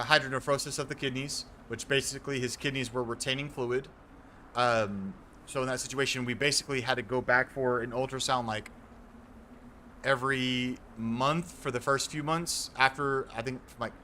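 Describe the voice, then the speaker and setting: A man's voice: medium pitch, pushed and bright, a little hiss or hum. A young man streaming a game, talking casually and earnestly to his viewers from a home setup, rambling and restarting as he explains. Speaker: gaming streamer.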